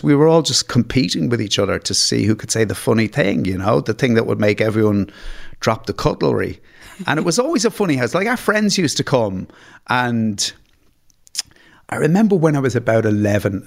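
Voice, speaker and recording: A man recounts funny family stories as a podcast guest. His delivery is self-deprecating and full of stammered restarts. His voice sits at a middling pitch for a man. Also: vocal fry. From Ireland. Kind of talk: anecdotal storytelling.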